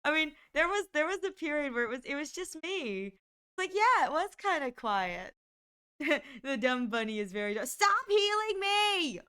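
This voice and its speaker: A woman live-streaming, chatting casually to her viewers with excitable exclamations and frequent giggles. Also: high voice, moderate pace.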